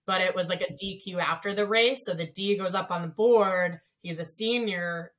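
A woman who coaches swimming and diving, talking casually in an interview and telling stories in a chatty way with many filler words. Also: fairly low pitch. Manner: chatty, frequent "like" fillers, lively retelling.

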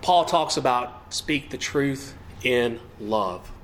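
A man's voice: medium pitch, expressive, slow pace, a bit bright, a little hiss or hum. A man preaching a sermon with emphasis and rhetorical questions. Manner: emphatic, rising and falling delivery with rhetorical questions.

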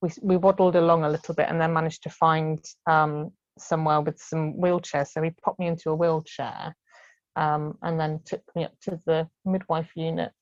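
Woman guest, low-set voice, chatty storyteller with frequent laughs, dry dull sound. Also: flat delivery, normal speed, dry recording. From United Kingdom. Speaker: guest sharing birth story. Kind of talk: casual storytelling in conversation.

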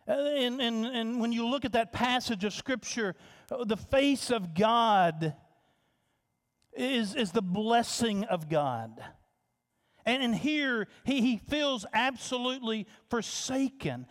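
A man's voice: very high-pitched, expressive, slow. A man preaching a sermon as pastor, impassioned, repeating phrases and restarting with stammers. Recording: long hall reverb.

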